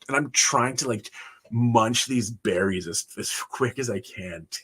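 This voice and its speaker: A man's voice: medium pitch, a little slow, a bit bright, husky. A man on a livestream, telling his life story casually, chuckling often and rambling with fillers. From Canada. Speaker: livestream host.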